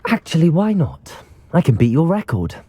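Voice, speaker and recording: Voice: medium pitch, very animated, moderate pace, warm tone, husky, dry recording. A voice actor playing a confident young student wizard in a video game. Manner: cool, self-assured.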